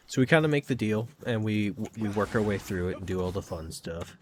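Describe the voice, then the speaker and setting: Low-voiced man rambling through a game recap. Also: animated, fairly quick, hardly any pauses, over music. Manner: rambling, lots of "kinda" and "like". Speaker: gaming channel host. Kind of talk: casual storytelling recap of a tabletop session.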